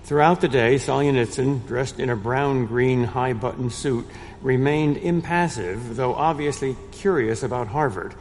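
An older man giving a prepared lecture in a measured way, with a dry, wry humor. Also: medium pitch, darkish tone, slight background noise. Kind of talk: prepared lecture read aloud. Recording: long reverb in a large room.

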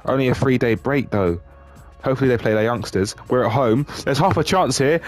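Brief: male gamer, mid-pitched, cursing and yelling at a football game, quiet music under him. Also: a little fast. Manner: sweary, swings from glum mutters to shouting. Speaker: gaming YouTuber. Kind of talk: live game commentary.

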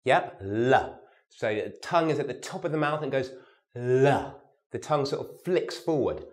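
A man teaching a vocal warm-up lesson. He demonstrates syllables and tongue twisters, repeats them, and gives the learner encouraging instructions. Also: mid-range voice, expressive, normal speed. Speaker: speech and voice teacher.

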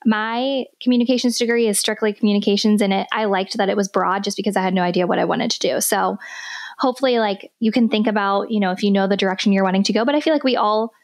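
A young woman co-hosting a chatty podcast, relaxed, reading listener letters aloud. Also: medium pitch, quick pace. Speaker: podcast co-host. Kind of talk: casual chat.

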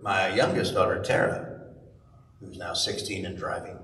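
A middle-aged man, a voice actor at a convention Q&A, telling animated stories and jumping into high voices for the people he quotes. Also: normal speed. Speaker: convention panel guest, voice actor. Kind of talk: live convention Q&A storytelling. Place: large convention hall. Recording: echoey hall, far from mic, faint hiss.

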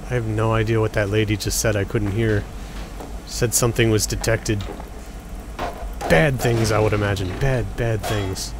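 A man's voice: fairly low pitch, steady tone, normal speed. A young man giving casual, jokey commentary while playing a video game, chatting at the enemies on screen. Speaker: let's play gamer. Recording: game noise under voice.

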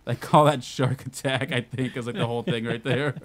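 A man's voice: mid-range voice, steady tone, normal speed, slight background noise. A man from small-town Wisconsin, swearing and laughing through casual stories about military training. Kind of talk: casual podcast chat.

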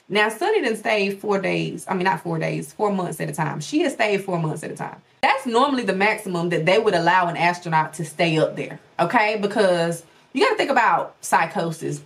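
A woman's voice: medium pitch, fairly bright tone. A woman hosting a podcast in casual commentary, sassy and dramatic, rambling with rhetorical questions. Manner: dramatic, exaggerated storytelling. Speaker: podcast host.

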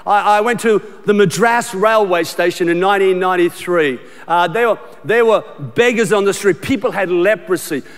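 A middle-aged Australian man preaches in a fairly high voice, emphatic and repetitive, restarting sentences as he talks to the congregation. His voice carries a long reverb through a large church auditorium. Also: moderate pace, few pauses. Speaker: pastor. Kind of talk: sermon.

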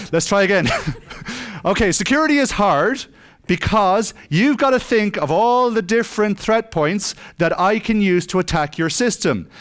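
Guy joking through a tech talk on stage, acts out little scenes, slightly high voice. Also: clean tone. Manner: joking, self-mocking, acts out dialogue. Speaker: conference speaker. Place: conference hall stage.

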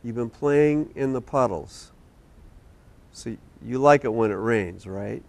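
A man hosting a children's TV show, talking gently and patiently to young kids and a puppet in a studio. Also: mid-range voice, slow pace, gravelly. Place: community TV studio.

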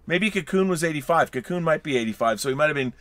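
Bright-voiced man rambling about films. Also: fairly high pitch, expressive, quick pace, no room sound. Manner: rambling, self-interrupting, many restarts and fillers. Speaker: co-host of a movie review show. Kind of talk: casual film review chat.

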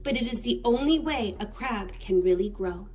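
A woman voicing a big, wise old male crab in a storybook read-aloud, calm and instructive. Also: a little high, normal speed, faint music behind, voice pushed down, natural voice.

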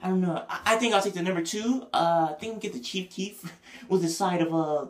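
A man voicing a young woman hesitating over a fast-food order, in a drawn-out, unsure way. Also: high-pitched, echoey room, voice pushed up, lightly acted. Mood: dithering.

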